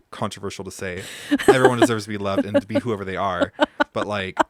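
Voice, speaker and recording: A young man with a fairly low voice tells stories on a podcast. He is playful and teasing, breaks into laughter often, and is recorded on a dry, close mic. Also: fairly quick, no room sound. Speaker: podcast guest. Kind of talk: casual chat, storytelling.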